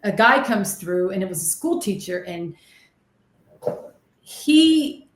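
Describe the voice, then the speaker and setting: A woman's voice: medium pitch, slow pace. A woman who works as a medium and ghost hunter, telling her stories animatedly as a guest in an interview, acting out the voices she remembers. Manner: animated, excitable storytelling with dramatic re-enactments. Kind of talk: storytelling in an interview. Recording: echoey room.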